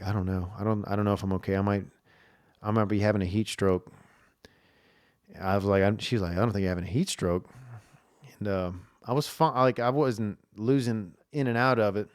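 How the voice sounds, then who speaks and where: A man's voice: on the low side, clean tone, dry recording, studio quality. A man telling a rambling, casual story as a podcast host, saying "dude" and "like" a lot.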